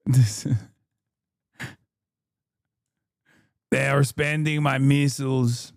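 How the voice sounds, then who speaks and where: A man streaming casual political commentary, ranting in a profane, animated way with sarcastic asides. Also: medium pitch, very slow, creaky, pauses often, no room sound, clean studio sound.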